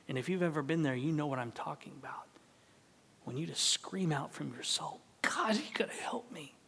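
A man preaching a sermon as pastor, animated, at times dropping to a hushed whisper. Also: fairly high pitch, big-room sound.

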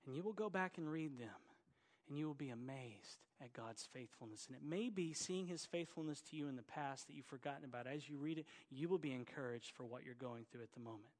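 A man's voice: mid-range voice, brisk, a little mellow, long reverb tail. A middle-aged man from Oklahoma with an Oklahoma accent, preaching a sermon in an earnest, exhorting way with folksy asides. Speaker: pastor.

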